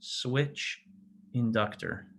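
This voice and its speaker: Brief: male physics teacher, mid-pitched, loose and conversational lecture delivery. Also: drawn-out words, gravelly, a bit bright. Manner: casual, self-interrupting, checks in with "right?". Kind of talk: classroom lecture.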